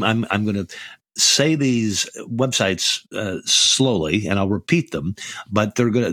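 A man's voice: fairly low pitch, no room sound, studio quality. An older man hosting a podcast, telling stories in a casual way with many restarts and repeated words. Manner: storytelling, frequent restarts and stammered repeats. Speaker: podcast host.

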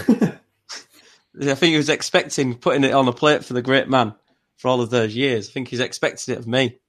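A man's voice: medium pitch, fairly even intonation, normal speed, a bit bright. A man co-hosting a podcast, telling casual stories in a rambling way with many fillers. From not from Newcastle. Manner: rambling, filler-heavy storytelling. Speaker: podcast co-host. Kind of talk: casual chat.

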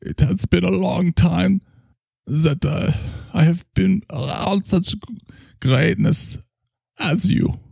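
A man voicing a pompous, tipsy male German psychoanalyst with a put-on German accent, slow and grandiose in his boasting. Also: high voice, gravelly, a little mellow, husky, no echo, clean studio sound, voice pushed up, heavily acted. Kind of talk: improvised comedy character.

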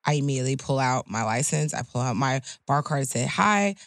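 A woman's voice: rumbling low, fairly even intonation, quick pace, dry recording. Emphatic woman attorney, dry close sound. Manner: emotional, emphatic, rising to loud indignation. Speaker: guest attorney. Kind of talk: casual podcast conversation.

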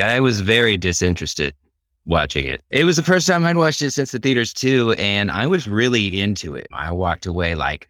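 Deep-voiced man giving movie opinions. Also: very animated, moderate pace, fairly bright tone, no echo. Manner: thoughtful, rambling, opinionated. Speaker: podcast co-host. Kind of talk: casual movie review chat.

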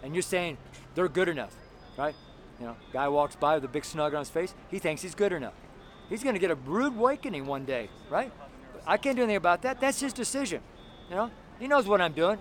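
A tired man preaching loudly and bluntly on a city street, speaking to passers-by. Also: fairly high pitch, animated, fast. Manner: loud, blunt and fervent, talking to passers-by. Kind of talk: outdoor street sermon. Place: city street with walls around. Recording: faint city street noise. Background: traffic and street noise.

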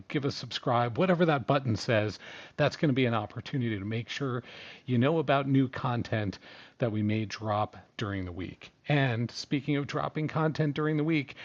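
A man's voice: mid-range voice, highs cut off. A man with a New York accent hosting a live audio podcast, chatty and conversational with frequent fillers. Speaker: podcast host. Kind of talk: casual live podcast chat.

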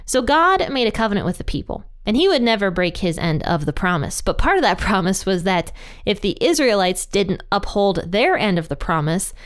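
A woman's voice: medium pitch, clear, resonant tone. A woman teaching a casual Bible study, reading scripture aloud and chatting with small laughs at herself.

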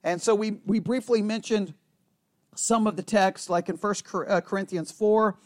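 A man's voice: high-pitched, a little slow, dry recording, clean studio sound. A man teaching a Bible study class in a conversational, playful way, acting out sarcastic remarks and often checking "right?" with his listeners.

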